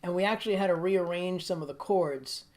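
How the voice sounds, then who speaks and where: A man's voice: high-pitched, fairly quick, a little mellow. Chatty laughing man telling stories. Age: middle-aged. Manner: chatty storyteller, laughs often. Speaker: guitarist hosting a livestream. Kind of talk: casual livestream chat.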